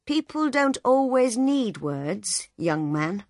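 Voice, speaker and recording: A woman's voice: on the high side, sing-song, slow, darkish tone, no room sound, studio quality, pitched above the performer's own voice, exaggerated voice. A woman voicing a firm, knowing mother of two children.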